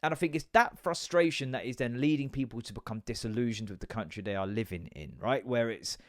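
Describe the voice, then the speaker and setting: An English man in his thirties hosting a podcast, ranting casually in an animated, sweary, sarcastic way. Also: medium pitch, fast talker, no echo, studio quality. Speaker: podcast host.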